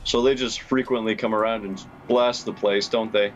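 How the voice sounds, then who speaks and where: A man casually commenting on his own video game play, excitable and chatty, laughing often. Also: fairly low pitch, normal speed, lo-fi sound, over music. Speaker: gaming YouTuber.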